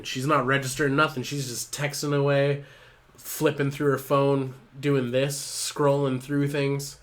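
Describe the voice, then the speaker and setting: A man's voice: mid-range voice, level tone, measured pace. A man chatting loosely through a home live stream, swearing freely and rambling. His speech is a little tipsy and unpolished, with many fillers and asides. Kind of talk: casual live-stream narration.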